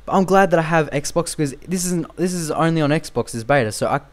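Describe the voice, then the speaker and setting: A man's voice: a little high, a little fast. A young man giving casual, rambling game commentary full of fillers and repeated phrases. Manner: rambling and repetitive, with frequent fillers. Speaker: gameplay commentator.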